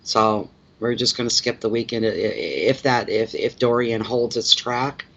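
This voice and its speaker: Hosting a relaxed tarot live stream, this Canadian man talks with viewers and welcomes them individually, often rambling and repeating words. His pitch is medium and his pace measured. The sound is a little muffled, with a lo-fi character.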